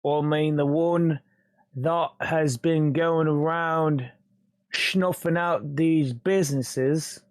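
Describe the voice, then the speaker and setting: A man's voice: on the high side, fairly even intonation, slow pace, no echo. A man voicing a dogged investigator in a British gangster manner with a Cockney accent. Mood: probing. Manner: blunt, probing questions.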